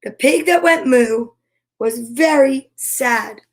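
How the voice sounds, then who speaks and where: A woman reads a children's picture book aloud, slow and unhurried. Her voice sits high, and she plays the story out with animal noises.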